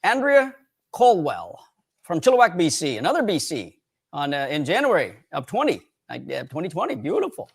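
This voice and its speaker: A man from Canada co-hosting a fishing show livestream in casual chat, animated and quick to laugh as he reads out winners. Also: a little high, vocal fry, slightly rough.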